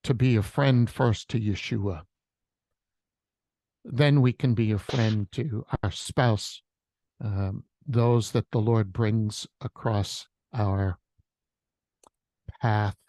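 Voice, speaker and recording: Worship leader guy talking slow on a prayer call, dry close sound, reflective storytelling. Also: on the low side, fairly even intonation, a little mellow, dry recording. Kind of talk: devotional message on a prayer call. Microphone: video call.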